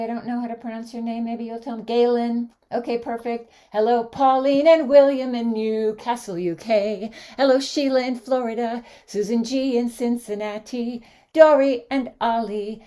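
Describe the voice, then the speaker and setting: A woman hosting an online sing-along show, cheerfully greeting viewers by name. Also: a little high. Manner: cheerful, animated greeter listing names. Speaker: host. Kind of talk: warm online greetings, casual chat.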